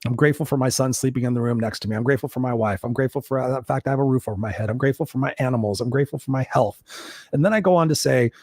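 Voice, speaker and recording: A man's voice: medium pitch, racing, darkish tone, dry recording, studio quality. A man who works as a life coach, guest in an interview, telling his story bluntly and candidly, with some swearing.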